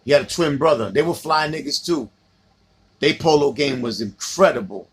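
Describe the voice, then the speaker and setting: Middle-aged New York man, husky, slightly high, casual livestream host swapping stories. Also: expressive, normal speed. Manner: reminiscing, reading out viewer comments.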